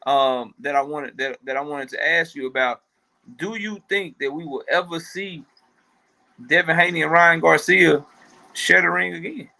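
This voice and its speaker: A man's voice: on the high side, moderate pace, vocal fry, bright, forceful tone. A man co-hosting a casual boxing talk show, speaking loosely with profanity and fillers.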